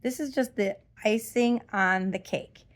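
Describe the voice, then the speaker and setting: Middle-aged woman vlogger, slow-paced, exasperated and rambling rant. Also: medium pitch. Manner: exasperated, rambling with many fillers. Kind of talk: casual ranting vlog.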